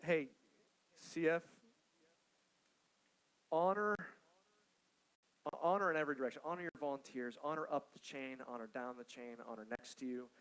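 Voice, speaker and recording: A man in his thirties delivers a sermon to church staff, his voice sitting a touch higher than most men's. He talks like he's chatting with friends, telling stories about his kids and checking in with his listeners. The tone stays loose and conversational rather than formal. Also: moderate pace, long pauses, fairly bright tone, clear, resonant tone, poor audio. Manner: conversational, storytelling, frequent "like" and "okay?". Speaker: pastor.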